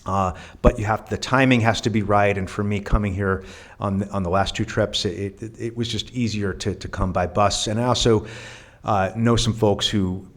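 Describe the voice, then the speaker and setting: A man talks through his answers in a casual interview. His delivery is earnest and reflective, full of small restarts. His voice sits a little low. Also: fairly even intonation, normal speed. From New York. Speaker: guest, volunteer.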